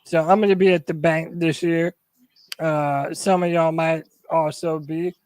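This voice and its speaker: A man co-hosting a casual sports podcast, animated and quick to quiz the panel. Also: on the high side, smooth, dry recording. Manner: animated, asks the panel questions. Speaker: podcast co-host.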